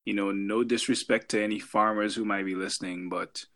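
A man's voice: lowish voice, steady tone, brisk, fairly bright tone. A man co-hosting a podcast in casual chat, joking and rambling with lots of fillers. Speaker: podcast co-host.

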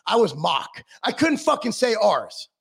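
A middle-aged man rants with sarcasm and constant swearing. His voice sits high and gravelly and swoops up and down as he vents. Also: sing-song, a little slow, a bit bright. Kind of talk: profane political rant.

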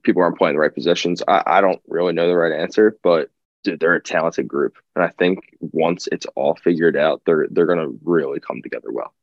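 Low gravelly laid-back young man. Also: brisk, dry recording, dull audio. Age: young adult. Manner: laid-back, hesitant, repeats himself. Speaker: podcast co-host. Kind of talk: casual chat.

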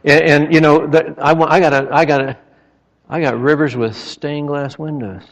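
A man's voice: on the high side, fairly even intonation, normal speed. A man preaching a sermon, telling stories with dramatic retellings and emphatic outbursts. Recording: echoey hall, dull lo-fi sound.

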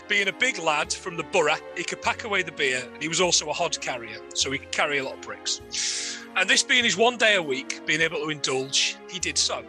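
A man telling a crude comic anecdote with lively relish. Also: fairly high pitch. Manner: lively, laughs at own story, crude. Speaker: guest storyteller.

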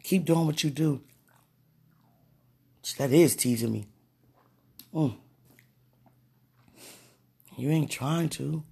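Gravelly voice in emotional spoken prayer. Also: medium pitch, takes it slowly, long pauses. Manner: emotional, pleading, swings between murmurs and excited bursts. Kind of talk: casual spoken prayer to camera.

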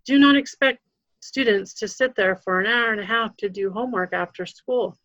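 A woman's voice: medium pitch, moderate pace, a bit bright, dry recording. A woman, a guest educator, giving parenting advice in casual talk, earnest, with many fillers and restarts. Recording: dull lo-fi sound.

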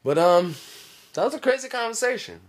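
A man co-hosting a casual reaction chat, talking in a loud, slangy and profane way. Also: very high-pitched, lively intonation, fairly quick. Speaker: co-host.

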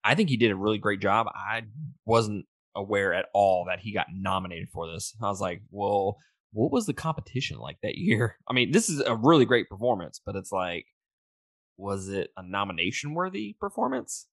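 A man's voice: on the low side, expressive, moderate pace, a bit bright, no echo. A man co-hosting a casual movie podcast, reading trivia notes and chatting, with fillers, restarts and easy laughter. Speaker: podcast co-host.

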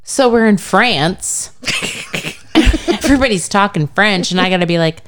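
Brief: American woman, co-host, lively swinging pitch, profane and animated in casual banter. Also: a little slow, noisy background. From United States. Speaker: podcast co-host. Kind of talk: casual chat.

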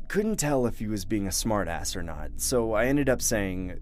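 A man's voice: fairly low pitch, animated, normal speed, few pauses, darkish tone, faint music behind. A young man narrating a horror story in a tense, dramatic way. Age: young adult.

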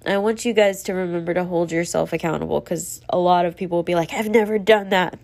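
A woman's voice: fairly low pitch, level tone, quick pace, gravelly, a little mellow. A woman hosting a solo podcast, talking in a rambling, earnest, self-reflective way and running out of breath. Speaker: podcast host. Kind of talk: solo casual podcast monologue.

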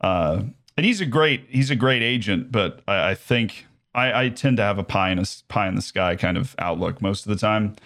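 A man's voice: fairly low pitch, animated, normal speed, a bit bright. A man chatting casually as an interview guest, speaking in a put-on English accent with frequent restarts and fillers. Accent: English-style commentator accent, put on by an American. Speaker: guest, streamer and sports commentator.

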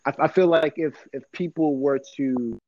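A man's voice: on the high side, normal speed, no room sound. A young man co-hosting a podcast in casual chat, filling his talk with "like" and easy slang. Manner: says "like" constantly, laid-back slang. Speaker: podcast co-host. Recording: dry, dull lo-fi sound.

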